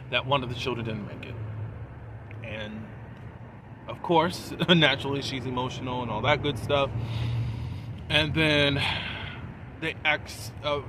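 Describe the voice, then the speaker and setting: A man's voice: mid-range voice, noisy background. A man giving a casual, chatty recap of a TV episode, laughing between points and asking his viewers questions. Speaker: TV episode reviewer.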